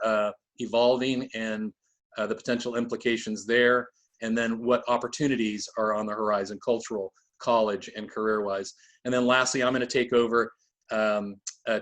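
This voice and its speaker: A man in his fifties presenting a webinar over a video call, halting, with many fillers. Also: medium pitch, a bit bright.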